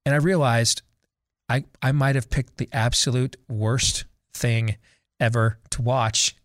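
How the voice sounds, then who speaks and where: A man's voice: medium pitch, steady tone, measured pace, no room sound, studio quality. A man hosting a talk show, chatting loosely with his co-hosts and breaking for live ad reads. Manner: loose, conversational, with frequent restarts and asides. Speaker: radio show host.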